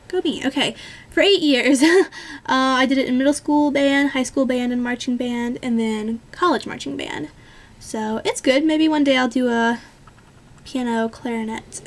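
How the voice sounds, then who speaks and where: A young woman in her twenties with a high voice chats casually to the camera, answering viewer questions. She rambles, stops to correct herself and fills the gaps with ums. Her tone is easygoing and pokes fun at herself. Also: measured pace, gravelly. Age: 20s. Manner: chatty and rambling, many ums and self-corrections. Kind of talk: casual chat.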